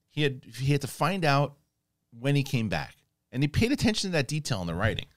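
A man hosting a casual review, retelling scenes in an animated way and acting out lines, with frequent restarts. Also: medium pitch, fairly quick, dry recording, clean studio sound. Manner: animated, acts out quotes, many restarts. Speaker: host.

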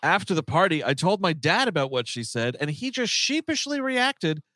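A man co-hosting a comedy podcast, reading a listener's story aloud in a casual, animated way with lots of fillers. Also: high-pitched, normal speed, no echo.

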